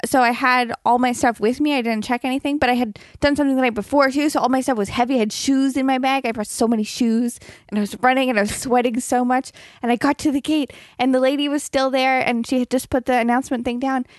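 A woman's voice: high-pitched, steady tone, fast, no echo, studio quality. Laughing young woman telling a story. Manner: rambling, self-mocking, laughs often. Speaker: podcast co-host. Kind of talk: casual storytelling chat.

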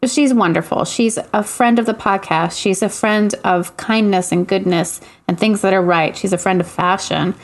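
A woman's voice: medium pitch, moderate pace, few pauses. A woman hosting a podcast, chatting playfully with her guests. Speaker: podcast host. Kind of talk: casual podcast chat.

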